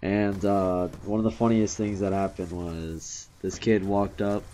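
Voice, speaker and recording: A man's voice: low-pitched, little pitch movement, measured pace, warm tone. A young man telling stories in a casual, rambling commentary, full of fillers and restarts. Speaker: commentary youtuber. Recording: faint background noise.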